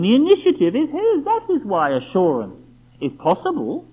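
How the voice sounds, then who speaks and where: A man's voice: very high-pitched, wildly swooping pitch, measured pace. A man preaching a sermon, emphatic and full of rhetorical questions aimed at the listener. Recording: dull lo-fi recording.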